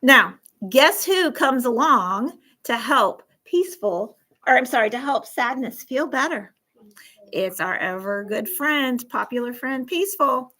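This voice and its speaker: A woman's voice: high voice, animated, unhurried, bright, forceful tone. A woman school counselor teaching a lesson to a class of children, coaxing them along with frequent check-ins.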